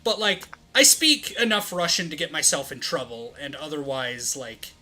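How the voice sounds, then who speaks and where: A man in casual banter with friends, animated and profane, rambling as he talks. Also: fairly high pitch, moderate pace.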